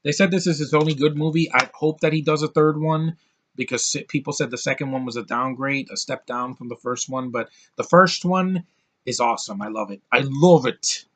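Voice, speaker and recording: A man talks through a movie review in a loose, unscripted vlog. His voice sits at a middle pitch, and his delivery is blunt and ranting. He swears freely and often stops to restart his sentences. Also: a little fast, a bit bright.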